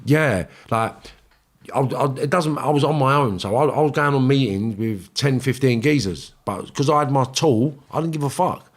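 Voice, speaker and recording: A man's voice: medium pitch, moderate pace. A middle-aged man with a London accent, a podcast guest telling stories in casual chat, blunt and full of swearing. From England. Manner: blunt, swearing, acts out quotes in raised voice.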